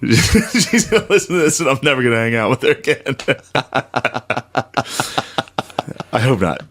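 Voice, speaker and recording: A man's voice: mid-range voice, sing-song, unhurried, fairly bright tone. A man co-hosting a comedy podcast, trading teasing, profane banter in casual chat. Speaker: podcast co-host.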